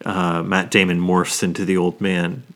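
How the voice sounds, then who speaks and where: A man in his thirties with a low voice talks casually as a podcast co-host. He drops swear words all the time and gets openly emotional over favorite movies. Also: little pitch movement, normal speed, fairly bright tone. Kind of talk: casual chat.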